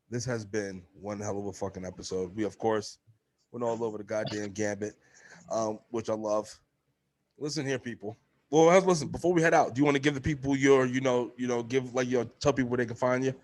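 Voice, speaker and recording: A young man hosting a casual podcast, telling animated stories, swearing freely and acting out quotes in a high voice. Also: brisk. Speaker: podcast host. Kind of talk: casual chat.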